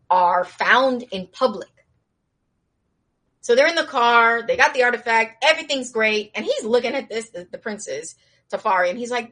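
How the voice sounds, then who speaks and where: Animated woman recapping a show. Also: mid-range voice. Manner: animated storyteller, slangy asides to viewers. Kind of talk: casual plot recap.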